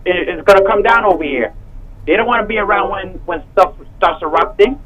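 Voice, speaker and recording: A man's voice: sits high, a little fast, highs cut off. A man calling in to a talk show, rambling and filling his talk with "you know". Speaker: caller. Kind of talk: casual phone-in chat.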